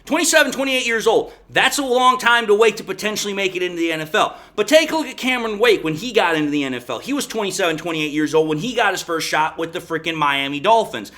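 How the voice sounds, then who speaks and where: A young man hosts a solo sports show, his voice pitched high and sharp. He leans hard on key words and talks himself into each point. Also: expressive, fast talker, few pauses. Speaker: sports podcast host.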